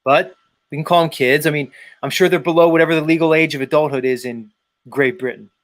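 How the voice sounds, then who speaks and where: A man hosting a live stream, talking casually in an animated, rambling way with frequent swearing. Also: on the high side, quick pace. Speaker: host.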